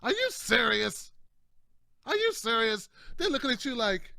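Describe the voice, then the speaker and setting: A man's voice: very high-pitched, big pitch swings, measured pace, gravelly, pushed and bright, dry recording, studio quality. A man hosting casual political commentary, talking in a slangy, repetitive, chatty way with frequent laughs.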